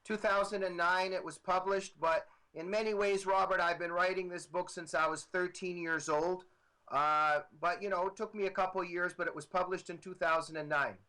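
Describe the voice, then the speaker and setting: A man's voice: high voice, steady tone, moderate pace, pushed and bright, poor audio. A man appearing as a guest author, arguing with emphatic, repetitive political commentary over a computer microphone.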